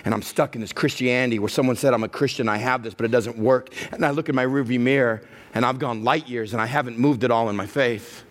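A middle-aged male pastor preaching a sermon, acting out the inner voices he hears and building to a loud, passionate close. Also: medium pitch, fairly even intonation, quick pace, hardly any pauses.

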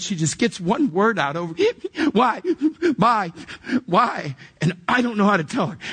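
A man's voice: high-pitched, breathy edge. A man preaching a sermon, telling a personal story vividly and acting out the dialogue before turning to earnest preaching. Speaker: pastor.

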